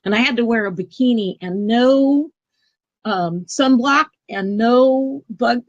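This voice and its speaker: A woman guest telling a personal spiritual story in an earnest, emotional, halting way. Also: a little high, highs cut off.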